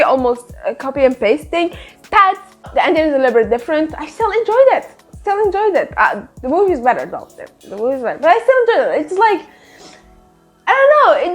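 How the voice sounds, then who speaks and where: A woman in her twenties giving a casual monthly reading wrap-up, gushing over books, repeating herself and swearing casually. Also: high voice. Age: 20s. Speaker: book reviewer.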